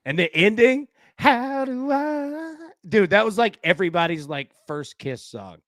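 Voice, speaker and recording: A man hosting a live betting stream, talking in a fairly high voice into a dry, close microphone. He keeps things loose and jokey, laughing often between his picks and his film talk. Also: animated, normal speed, a bit bright, no room sound. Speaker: sports betting show host. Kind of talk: casual live-stream chat.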